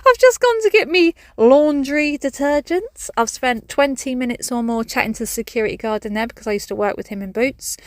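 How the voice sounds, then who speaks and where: A woman's voice: medium pitch, no echo. Chatty woman vlogging in her garden. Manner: chatty, jokey and self-mocking. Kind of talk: casual vlog chat. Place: outdoors in a garden.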